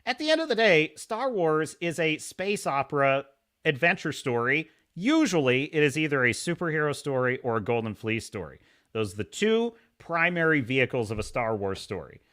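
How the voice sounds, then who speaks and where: A man hosting a live stream, talking in a sarcastic, animated way and reading chat messages aloud. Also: on the high side, moderate pace. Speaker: podcast host.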